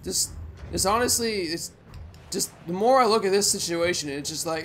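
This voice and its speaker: A young man hosting a let's play, giving rambling, profane gameplay commentary with sudden loud outbursts. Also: sits high, lively intonation, moderate pace, a little hiss or hum.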